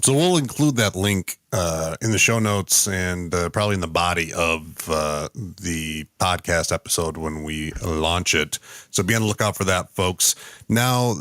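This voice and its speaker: A man hosting a podcast, speaking haltingly with many pauses as he frames a question for his guest. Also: on the low side, a bit bright, dry recording. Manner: halting, many fillers and restarts while framing questions. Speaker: podcast host. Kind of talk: casual interview talk.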